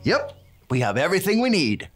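A woman's voice: on the low side, sing-song, a little fast, faint music behind. Cheery handyman teacher. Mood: cheerful. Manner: bouncy, cheering, tosses in Spanish words. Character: cheerful handyman who builds Bible stories. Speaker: children's Bible teacher. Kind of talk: children's church lesson.

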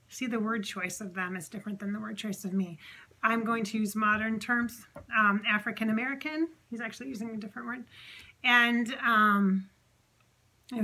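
A woman's voice: a little high, sharp tone. A woman hosting her own channel as a medium, talking in a casual, effusive, rambling way with many fillers. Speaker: psychic medium host. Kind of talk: casual spiritual channeling monologue.

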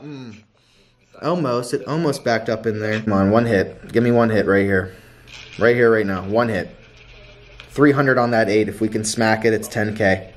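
Excitable man begging the wheel. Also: lowish voice, normal speed. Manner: pleading, chanting, bursts into shouts. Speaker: gambling streamer. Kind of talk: excited live casino commentary.

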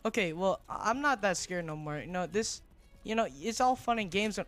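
A young man streaming a horror game, jumpy and excitable, who repeats himself in slangy bursts and drops to a whisper when tense. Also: sits high, normal speed, faint music behind. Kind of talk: live gaming commentary.

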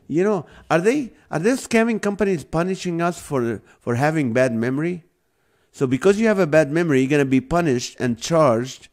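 A man hosting a live show, chatting casually and venting in a rambling, comic way. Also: medium pitch. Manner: rambling, venting, animated when annoyed. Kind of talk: casual comedic monologue.

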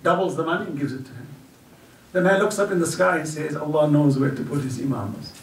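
A man giving an earnest storytelling religious lecture at a community celebration, dropping low and soft whenever he quotes someone. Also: fairly quick, slight background noise. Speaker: guest speaker at a religious celebration. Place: community center hall at an event. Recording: echoey hall picked up from far off.

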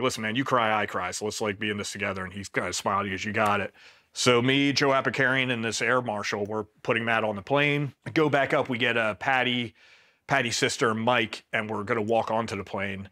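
A man's voice: mid-range voice, bright, forceful tone. A man from Pennsylvania, a Marine veteran, telling a story casually as an interview guest, acting out what people said and using lots of filler words. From Pennsylvania, USA. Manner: retells events by acting out quoted dialogue, many "like" fillers.

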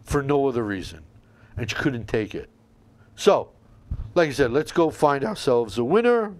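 A man's voice: mid-range voice, big pitch swings, moderate pace. A man hosting a combat sports podcast, talking in a casual, showman-like way with playful sign-offs. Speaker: podcast host. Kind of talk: casual solo commentary.

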